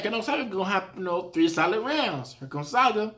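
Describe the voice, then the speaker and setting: Animated man recapping rap battles. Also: high voice, a little fast. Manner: animated, acts out reactions. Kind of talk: casual recap commentary.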